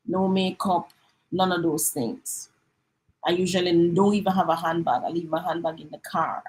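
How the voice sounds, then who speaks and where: A middle-aged woman with a Jamaican accent talks casually on a live stream. She acts out quick exchanges and drifts between standard English and patois. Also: fairly low pitch, rough recording. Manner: chatty, mixes in patois, acts out little dialogues.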